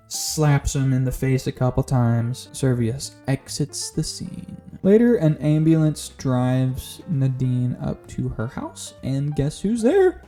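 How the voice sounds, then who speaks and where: A YouTube reviewer rambling sarcastically through a movie recap and acting out lines from the film. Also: medium pitch. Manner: sarcastic, rambling, animated recap with acted quotes. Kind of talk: casual movie recap vlog. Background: faint background music.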